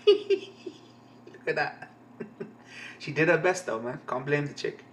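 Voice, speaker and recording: A man reacting live to a comic, rambling between curses and laughs. His voice sits a little high, and a faint noise runs beneath it. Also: big pitch swings, takes it slowly. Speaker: reaction streamer.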